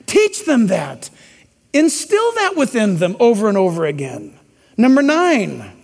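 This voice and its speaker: A man preaching a sermon in a church, emphatic and preachy with joking asides. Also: very high voice. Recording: long hall reverb.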